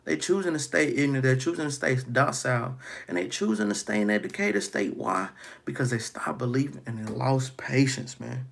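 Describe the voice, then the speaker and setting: Gravelly, husky preaching man. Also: mid-range voice, moderate pace. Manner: preaching with frequent "man" and "guess what". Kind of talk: street-style scripture teaching.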